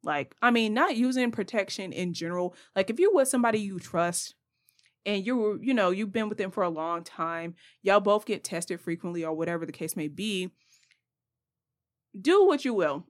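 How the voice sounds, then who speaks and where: A woman's voice: medium pitch, expressive, normal speed. A young woman hosting a podcast, giving blunt, passionate advice straight to her listeners in a casual monologue. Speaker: podcast host.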